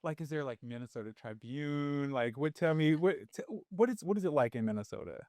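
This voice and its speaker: A podcast host chats in a mid-pitched voice, asking rambling questions that restart and fill in with "like." The pitch jumps up and drops off often, and the sound is dry and close. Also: animated, fairly quick, darkish tone, no echo. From Tennessee, US. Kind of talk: casual interview conversation.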